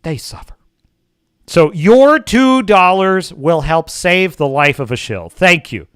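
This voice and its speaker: A man's voice: a little high, lively intonation, takes it slowly, a bit bright, clean tone, dry recording, studio quality. A man hosting a livestream, reading chat aloud and ranting sarcastically with frequent swearing. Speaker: livestream host. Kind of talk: casual chat reading live chat.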